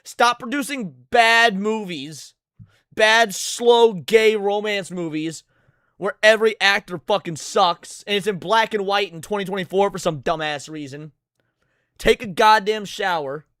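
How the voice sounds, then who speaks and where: A man rants over a clip as a reaction streamer, swearing hard and tripping over repeated words. His voice sits high, and the mic sounds close and dry with no room around it. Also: unhurried, a bit bright, clear, resonant tone, dry recording. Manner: ranting, heavy swearing, stammering repeats. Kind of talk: profane reaction commentary.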